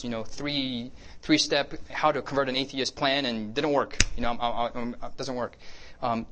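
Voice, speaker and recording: A man preaching a sermon in a loose, conversational way. He slips into short acted-out exchanges and sometimes drops to a near-whisper. His pitch sits in the middle of the male range. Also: a bit bright. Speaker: pastor.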